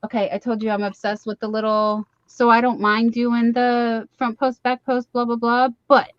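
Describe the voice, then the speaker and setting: A woman's voice: on the high side, little pitch movement, moderate pace, dry recording, highs cut off. A woman hosting a late-night livestream, chatting casually and rambling as she reads comments aloud. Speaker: live stream host. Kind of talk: casual chat.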